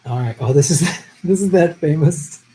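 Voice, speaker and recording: A man's voice: a little high, normal speed, mellow, low-quality recording. A man hosting a casual live stream at home, chatting easygoing with viewers and laughing often, his voice tiring after a long session. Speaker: live stream host answering viewer questions.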